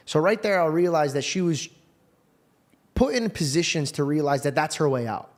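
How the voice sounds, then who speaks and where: A man hosts a podcast, telling stories in casual, slangy talk that's earnest and full of swearing. His voice is a little high, with lively intonation and a brisk delivery.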